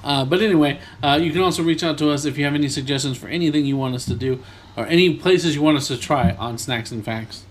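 A man's voice: fairly high pitch, fast talker. A man co-hosting a casual snack-tasting podcast, talking in an easygoing, rambling way with lots of fillers. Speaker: podcast co-host. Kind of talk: casual chat.

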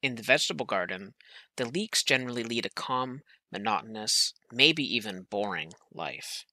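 A man reads a children's picture book aloud, his tone gentle and storytelling. His voice sounds very bright. The sound is dry and close, with no room around it. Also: mid-range voice, animated, normal speed, dry recording. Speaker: reader.

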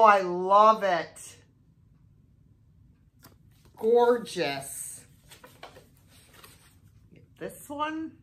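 A middle-aged American woman chatting casually in a vlog, gushing and exclaiming over each thrift find. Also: on the low side. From United States. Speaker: thrift haul vlogger.

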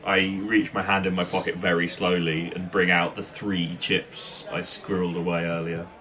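A man with a fairly low voice plays a tabletop game, stating his character's moves with a rueful, halting manner. He often pauses mid-thought. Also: little pitch movement, pushed and bright. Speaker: player. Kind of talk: tabletop game role-play.

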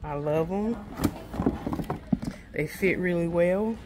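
A woman's voice: on the low side, slow. A woman chatting playfully and directly to her viewers in a casual vlog. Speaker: vlogger. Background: music.

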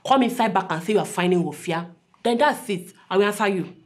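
A rustic young tailor with a Nigerian accent scolds a customer in broken English, played by a woman. She is blunt and comic, and her voice sits at a mid pitch. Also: lively intonation, fast talker, a little mellow, lightly acted. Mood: teasing.

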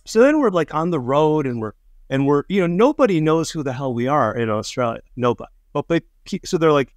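Animated man telling a story, dry close sound. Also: a little high, a little fast, no room sound. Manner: animated, acts out quoted voices, laughs mid-story. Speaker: storyteller guest. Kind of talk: casual anecdote telling.

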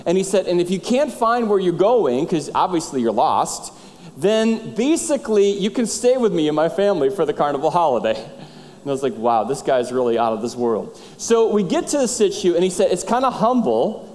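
A high-voiced middle-aged man preaching from the pulpit, telling a story with lively, animated delivery and acting out each person's lines. His voice carries a long reverb through a large church hall. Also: moderate pace. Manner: animated storyteller, acts out dialogue. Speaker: pastor. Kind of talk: sermon storytelling. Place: church sanctuary.

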